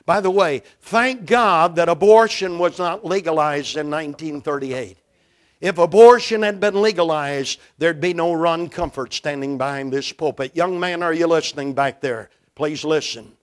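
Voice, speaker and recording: Older male preacher from Brooklyn, high-pitched and emphatic, booming then hushed, pulpit sermon. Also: normal speed. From Brooklyn, New York. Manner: emphatic, dramatic swings in loudness. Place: church, behind a pulpit.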